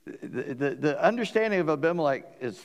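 Preaching a sermon at a brisk clip, this pastor speaks to his congregation in a voice that sits high for a man, with lively intonation. He animates the story and takes on the voices of the people in it. The audio carries the long reverb of a large hall.

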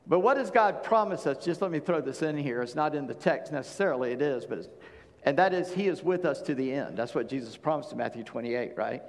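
A man preaching a sermon in a relaxed, folksy way, breaking off into chatty asides. His voice sits a bit high. A long reverb trails behind him as in a large hall. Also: brisk. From Charleston, South Carolina. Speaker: pastor.

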